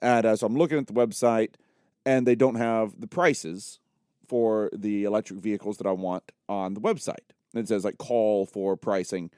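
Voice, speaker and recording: A man's voice: fairly low pitch, steady tone, normal speed, warm tone, smooth, no room sound, clean studio sound. Joking man co-hosting a podcast. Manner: joking, chiming in with quips. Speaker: podcast co-host. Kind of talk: casual chat.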